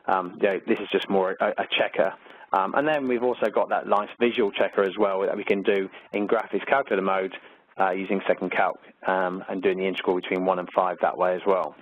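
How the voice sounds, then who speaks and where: A man's voice: deep voice, fairly even intonation, a little fast, no room sound. Aussie maths teacher guy, chatty, lots of ums, sounds like a phone line, dead dry. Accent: Australian. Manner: chatty, many fillers, upbeat about the material. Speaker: maths teacher presenting a webinar. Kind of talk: conversational teaching walkthrough. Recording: tinny phone-like webinar audio, dry.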